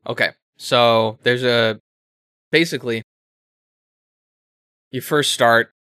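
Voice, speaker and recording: Bright-voiced man rambling excitedly. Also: mid-range voice, slow, clean tone, dry recording, studio quality. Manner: rambling, animated retelling with self-corrections and swearing. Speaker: podcast co-host explaining a game. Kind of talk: casual chat.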